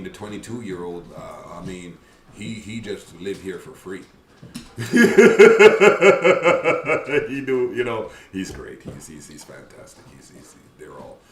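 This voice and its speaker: A man, a father of a big family, talking earnestly about parenting, often restarting his sentences. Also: low voice. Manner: earnest, halting with many restarts. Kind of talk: casual talk show conversation. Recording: roomy and distant with faint noise.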